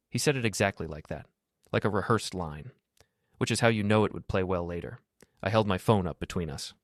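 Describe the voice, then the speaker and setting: Calm deep-voiced male story narrator. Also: brisk, no room sound, studio quality. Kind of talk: first-person story narration.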